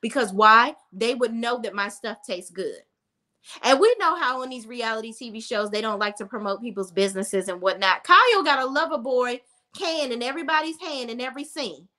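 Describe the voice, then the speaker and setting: A woman's voice: on the high side, brisk, sharp tone. A woman reviewing reality TV in a casual rant, blunt and profane, talking straight to her viewers.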